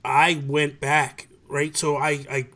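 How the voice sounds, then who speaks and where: A man hosting a podcast, chatting casually and animatedly with slangy asides and phrases that trail off softly. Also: a little high, little pitch movement, slow pace. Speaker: podcast host. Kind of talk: casual chat.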